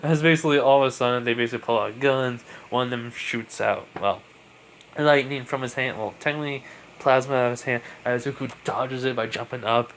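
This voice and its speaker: A man's voice: mid-range voice, fairly even intonation, a little fast, fairly bright tone. Man, casual fan-story narration, rambling, lots of fillers, faint background noise.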